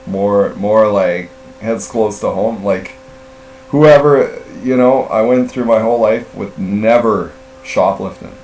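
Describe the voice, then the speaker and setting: A man's voice: on the low side, slow, darkish tone. A middle-aged man telling a story in casual live-stream chat, rambling and profane, full of fillers and self-mocking laughs. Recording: roomy, distant mic with faint mains hum.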